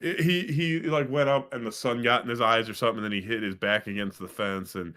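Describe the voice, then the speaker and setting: A man co-hosting a casual podcast, telling a long story in a rambling, profane, animated way. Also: mid-range voice, fairly quick. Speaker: podcast co-host. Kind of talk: casual sports podcast chat.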